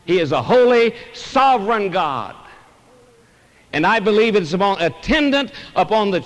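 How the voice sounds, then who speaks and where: A man's voice: high voice, animated, moderate pace, fairly bright tone, long reverb tail. A man preaching a sermon as pastor of a church, earnest and emphatic, pressing each point home. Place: church sanctuary.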